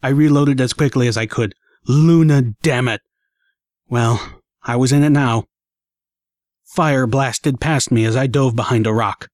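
A man reading a first-person action story aloud in an expressive, dramatic way. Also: medium pitch, measured pace, no room sound, studio quality. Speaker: audiobook narrator.

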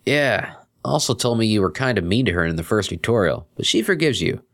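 A man's voice: fairly low pitch, expressive, fairly quick, fairly bright tone, voice pushed up. A man voicing an easygoing, chatty young male earth pony student in a fan fiction reading.

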